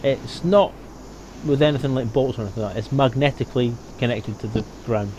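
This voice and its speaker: A man's voice: mid-range voice, brisk, slight background noise. Man running a tabletop game. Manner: relaxed, hesitant, with fillers. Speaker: game master.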